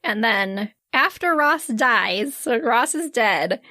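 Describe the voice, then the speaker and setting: A young woman co-hosting a podcast, recapping a horror movie in an animated, giggly way with lots of "like" fillers. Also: fairly high pitch, slow pace, no room sound, studio quality. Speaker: podcast co-host. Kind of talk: casual chat recapping a movie.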